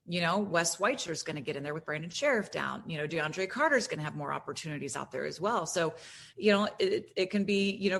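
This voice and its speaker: Woman from florida, lower voice, chatty football talk, faint hiss behind. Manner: animated, talks with frequent fillers and restarts. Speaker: guest broadcaster. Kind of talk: casual podcast chat.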